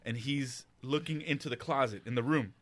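A man's voice: mid-range voice, fairly quick, noisy background. A man telling a profane, laughing anecdote in casual chat. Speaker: storyteller in casual podcast chat.

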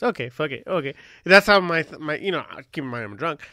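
A man in his thirties spins a loose, profane story, jumping into the voices he quotes. His tone is bright and a little high. The sound is dry and close. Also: fast talker, no echo. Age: 30s. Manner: animated, swearing, acts out quotes. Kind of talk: casual storytelling chat.

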